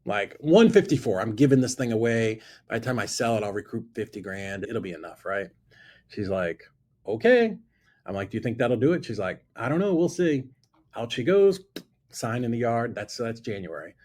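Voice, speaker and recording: Husky-voiced man telling a lively story. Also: medium pitch, fairly quick. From Florida. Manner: lively storyteller who acts out both sides of dialogue. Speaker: guest investor telling a story. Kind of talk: animated anecdote on a talk show.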